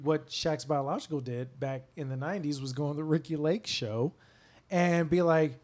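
A man's voice: on the high side, moderate pace, darkish tone. A man co-hosting a podcast, chatting casually with rambling fillers. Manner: rambling, laughing, lots of fillers. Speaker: podcast host.

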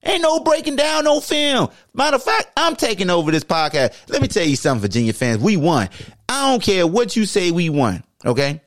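A man's voice: high-pitched, animated, fairly quick, no echo, studio quality. A man co-hosting a podcast, teasing and boasting in casual trash-talking chat. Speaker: podcast co-host.

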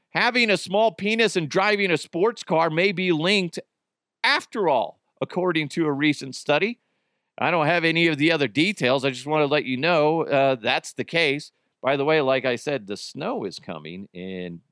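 A man's voice: a little high, a bit bright, dry recording, clean studio sound. Crude joking male podcast host. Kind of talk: casual comedic podcast monologue.

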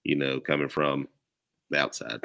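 A man's voice: rumbling low, fairly even intonation, moderate pace, creaky, bright, forceful tone. A man with a Southern country accent, chatting casually as a podcast guest in a laid-back, rambling way full of "you know.". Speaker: former player, podcast guest. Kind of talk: casual chat.

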